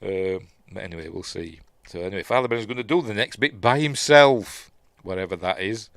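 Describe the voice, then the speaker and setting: Rambling Yorkshire man, low dry voice. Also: a little fast, vocal fry, a bit bright, no room sound. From Yorkshire, England. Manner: rambling, many fillers and restarts. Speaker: film review host. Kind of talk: casual watch-along commentary.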